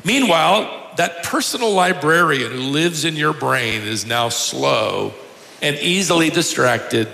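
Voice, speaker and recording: A man's voice: a little high, vocal fry, sharp tone. A man preaching a sermon, telling humorous stories and chuckling at his own jokes. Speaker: pastor. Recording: echoey hall, faint noise.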